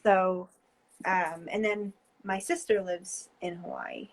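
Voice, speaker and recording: Heard on a low-quality recording, her voice is on the low side and steady. She's a twenties-aged guest artist from New Jersey, USA, with a New Jersey accent, casually chatting over video call in a rambling, hesitant way full of fillers and quick laughs.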